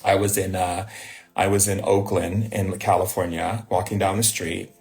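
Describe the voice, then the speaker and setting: A man with a lowish voice leads a live spiritual talk. He tells personal stories at an easy pace and keeps checking in with a rhetorical "right?". Faint music plays underneath. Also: flat delivery, normal speed, creaky, darkish tone. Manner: storytelling, with rhetorical questions and frequent "right?". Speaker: spiritual teacher.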